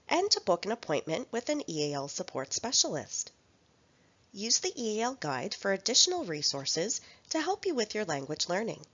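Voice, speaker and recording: A woman reads a short scripted announcement in an even, informational manner, with a breathy voice. Her pitch moves about in a lively way, and the recording sounds dull and lo-fi. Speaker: narrator of a college resource announcement.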